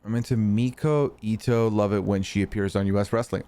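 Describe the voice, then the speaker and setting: A man's voice: lowish voice, fairly even intonation, fairly quick, dark tone. A young man from Canada, hosting a live stream in casual chat, answering his chat and teasing trolls with some swearing. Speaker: streamer host.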